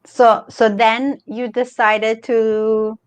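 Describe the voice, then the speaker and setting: A woman hosting an interview, asking questions in a halting, filler-heavy way and encouraging her guest. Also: a little high, level tone, clear, resonant tone. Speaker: interview host. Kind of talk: casual interview.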